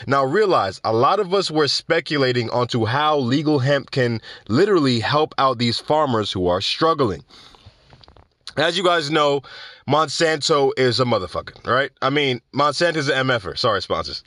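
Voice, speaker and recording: A man's voice: mid-range voice, a bit bright, no echo. A man hosting a podcast in a casual monologue, chatty and joking, loose and profane, laughing at his own jokes. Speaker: podcast host.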